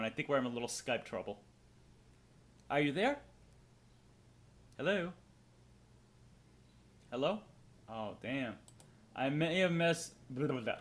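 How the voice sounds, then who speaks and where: A young man with a Boston accent hosts a casual livestream in a mid-range voice. He rambles through long stories, pads them with fillers, and swears freely while talking to his viewers. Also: mid-range voice. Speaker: streamer host.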